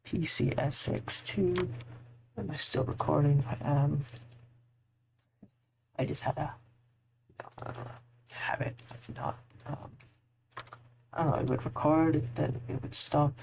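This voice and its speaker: A man's voice: on the high side, fairly even intonation, takes it slowly, gravelly, pauses often, darkish tone, slight background noise. A tired man giving a casual, rambling screen-recorded tutorial, full of fillers and restarts. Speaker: modding tutorial maker.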